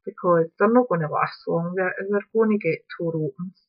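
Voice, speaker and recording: A woman's voice: fairly low pitch, normal speed, muffled recording. A woman, chatting casually while demonstrating a craft project at home and thinking aloud as she works. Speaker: craft tutorial host. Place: upstairs room at home.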